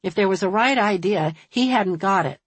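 A woman narrating a novel in an even, measured reading voice. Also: mid-range voice, husky, no echo. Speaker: audiobook narrator. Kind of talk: scripted narration.

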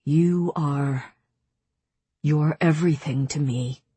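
Woman doing a protective faerie guy, thick murmur, slow, dry close sound. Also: deep voice, mellow, slightly rough, dry recording, exaggerated voice. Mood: tender. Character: devoted protective young male faerie lover.

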